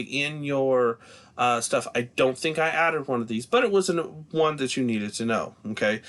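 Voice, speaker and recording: A man teaching a recorded German grammar lesson. He explains patiently, often checks in with "okay?", and says the German example words slowly. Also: medium pitch, a bit bright.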